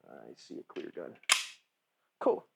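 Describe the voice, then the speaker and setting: A man's voice: takes it slowly, very noisy. A man giving casual firearms instruction at a shooting range, talking informally and checking in with his listener. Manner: chatty, informal, asks "right?" and "okay?" often.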